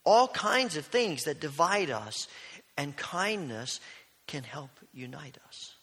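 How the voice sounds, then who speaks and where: A male pastor preaching a sermon, telling stories earnestly and dropping to a hush on key lines. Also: on the high side, lively intonation, slow, breathy edge. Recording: long reverb of a large hall.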